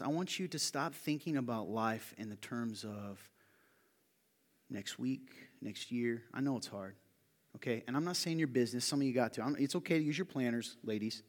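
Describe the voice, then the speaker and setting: A man delivers a sermon with lively, storytelling energy, dropping to soft asides and rising to excited peaks. His mid-range voice carries a long reverb tail from a large hall. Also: mid-range voice. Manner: animated storytelling, shouting when quoting a friend. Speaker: pastor.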